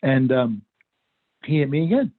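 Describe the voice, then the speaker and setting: A man's voice: medium pitch, big pitch swings, normal speed. A middle-aged man giving a workshop talk and telling a story in an easy, conversational way. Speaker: workshop presenter. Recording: phone-like video call audio.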